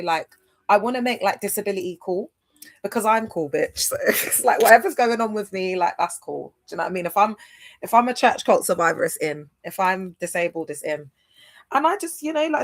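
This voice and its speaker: A woman chatting on a livestream from home, rambling and speaking straight to her viewers. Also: mid-range voice. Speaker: livestream host. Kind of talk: casual livestream chat to viewers.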